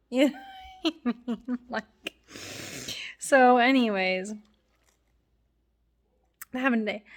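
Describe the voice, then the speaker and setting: Chatty young woman vlogging, stuffy nose. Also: fairly high pitch. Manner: rambling, many fillers and restarts. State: congested, runny nose. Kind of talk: casual chat to camera.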